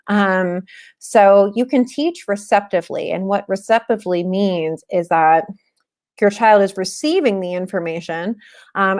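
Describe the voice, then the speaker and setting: A woman in her thirties giving a casual instructional webinar talk, conversational with frequent fillers. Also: mid-range voice. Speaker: webinar presenter on teaching reading.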